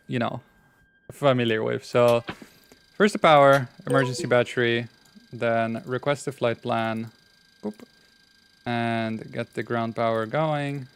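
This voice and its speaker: A man's voice: medium pitch, slight background noise. A man with a non-American accent streaming a game, chatting in a rambling, wry way, full of restarts and fillers. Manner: wry, laughs at his own jokes. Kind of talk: casual gameplay chat.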